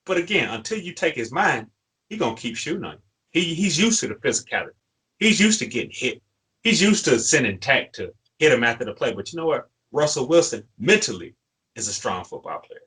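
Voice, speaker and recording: A man co-hosting a fan show, plainly worked up and ranting. He presses his points with repeated phrases and a bright, forceful tone. His voice carries a husky grain. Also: mid-range voice, big pitch swings, brisk, low-quality recording. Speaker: sports podcast co-host. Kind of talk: fired-up fan commentary.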